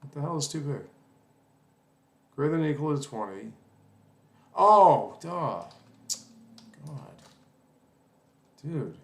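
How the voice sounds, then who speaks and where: A man's voice: fairly high pitch, lively intonation, normal speed, pauses often, darkish tone, reverberant. A man teaching a casual coding lesson while typing, rambling, apologizing, and cursing at his own mistakes. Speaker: coding tutorial instructor.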